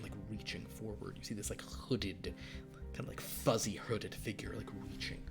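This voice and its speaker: A man narrating a horror tabletop game as game master, halting with fillers and dropping to hushed asides. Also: on the low side, steady tone, vocal fry. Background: background music.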